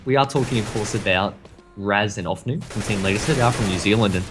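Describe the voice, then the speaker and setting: A man's voice: on the low side, fast talker, music in the background. A man casting an esports match in a chatty, self-deprecating way. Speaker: esports caster. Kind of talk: esports commentary.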